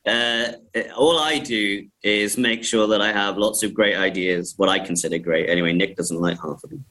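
A man's voice: lowish voice, moderate pace, sharp tone, poor audio. A man, a film director chatting in an interview, laughing often and restarting his sentences. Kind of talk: casual interview talk.

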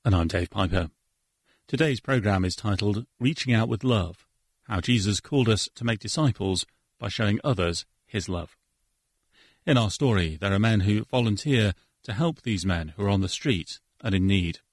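A man with a husky, lowish voice gives an earnest devotional talk for the radio. He speaks in a preacherly way and quotes verses, and the studio sound is dry. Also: animated, moderate pace, dry recording. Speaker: radio co-host.

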